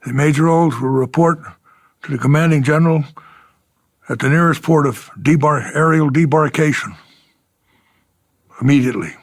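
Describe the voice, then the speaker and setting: A man's voice: fairly high pitch, moderate pace, pauses often, no room sound. An older man, a retired fighter pilot, telling war stories in an oral history interview, chuckling and acting out the exchanges he quotes.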